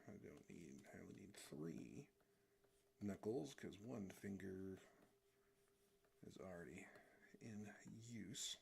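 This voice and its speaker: Gravelly, animated man, casual goofy streamer talk. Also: deep voice, takes it slowly, long pauses, slight background noise. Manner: goofy, rambling, hums while drawing. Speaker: streamer and artist. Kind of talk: casual live drawing stream. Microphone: desk microphone.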